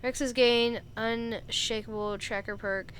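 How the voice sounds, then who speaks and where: A woman's voice: a little high, steady tone, measured pace, background noise. A woman streamer giving casual, joking gameplay commentary and laughing often. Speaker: game streamer.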